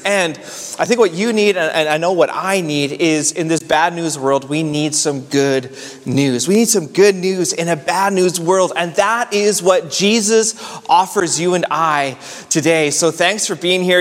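Upbeat high-voiced male pastor. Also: a bit bright, in a large hall. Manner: upbeat, enthusiastic, conversational. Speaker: lead pastor. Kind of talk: online Easter sermon.

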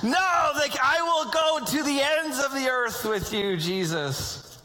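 A man's voice: very high-pitched, takes it slowly, bright, forceful tone, voice pushed up, heavily acted. A man acting out an earnest, boastful male disciple who declares emphatic loyalty during a sermon. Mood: vowing. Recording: long hall reverb.

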